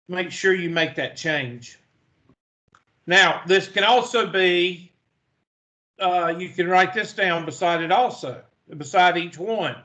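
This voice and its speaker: Guy teaching math real slow, folksy jokes, kinda high voice, muffled lo-fi audio. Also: a bit bright. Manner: folksy, joking asides, slow deliberate delivery. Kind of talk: classroom lecture. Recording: dull lo-fi classroom recording.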